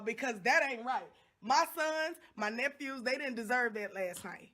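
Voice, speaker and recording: Middle-aged woman, upset vlogger, impassioned and repetitive, higher pitched. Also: unhurried, hardly any pauses, sharp tone. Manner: impassioned, repeats phrases for emphasis. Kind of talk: angry direct-to-camera vlog.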